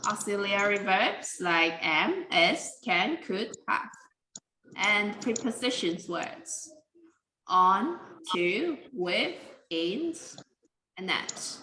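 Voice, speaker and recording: A woman teaching English pronunciation in a careful, deliberate way, with simple non-native grammar. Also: mid-range voice, very animated, pushed and bright, echoey room, slight background noise, low-quality recording. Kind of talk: slow classroom explanation.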